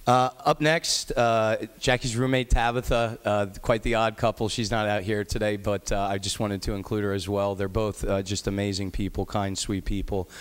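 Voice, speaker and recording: A man's voice: fairly low pitch, level tone, moderate pace, few pauses, clean tone. A man, a state legislator, giving an affectionate farewell speech on the chamber floor, full of fillers and restarts.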